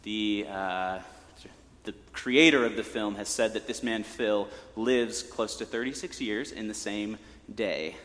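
A man's voice: lowish voice, measured pace, fairly bright tone. A man preaching a sermon from the pulpit in a conversational way, with joking asides to the congregation. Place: church sanctuary. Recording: long church reverb.

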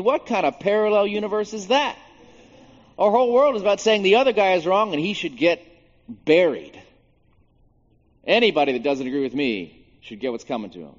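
A man, a pastor, preaching a sermon in an animated way, swinging between hushed and loud moments, with jokey asides. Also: on the high side. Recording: dull sound with long reverb in a large hall.

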